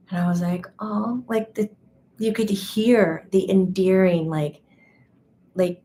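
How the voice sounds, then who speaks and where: A woman medium telling a story in a chatty, animated way, acting out quoted dialogue. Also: fairly low pitch, unhurried, a little hiss or hum. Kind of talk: casual spoken storytelling.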